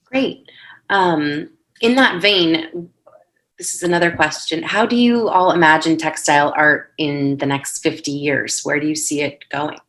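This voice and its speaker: A woman moderates a panel and asks questions in a very low, measured voice. She sometimes trails off to rephrase a question. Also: steady tone, fairly bright tone.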